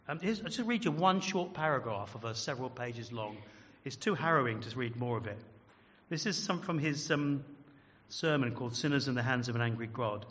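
A man's voice: medium pitch, a bit bright, in a large hall, highs cut off. A man preaching a sermon as pastor, earnest and emphatic, often asking the congregation questions. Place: large church.

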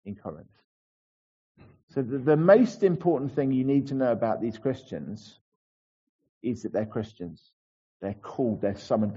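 A man's voice: mid-range voice, dark tone, breathy edge, highs cut off. A man giving a conversational sermon as a pastor in church, with asides and restarts.

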